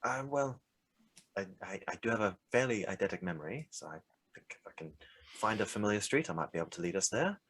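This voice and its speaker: A man playing a tabletop game, earnest and a little halting. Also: fairly low pitch, lively intonation, a bit bright, husky. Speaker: player. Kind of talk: casual tabletop game chat.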